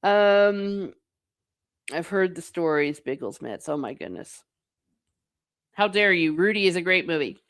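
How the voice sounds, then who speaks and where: A woman's voice: on the low side, lively intonation, unhurried, long pauses. Chatty woman host, wry and playful. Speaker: host reading live chat. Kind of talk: casual livestream chat about films.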